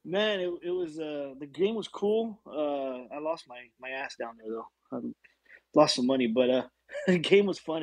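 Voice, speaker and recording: A man's voice: medium pitch, a little mellow, no room sound, rough recording. A man calling into a casual basketball talk show, rambling easily and stumbling over his words. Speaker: caller. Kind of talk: casual chat.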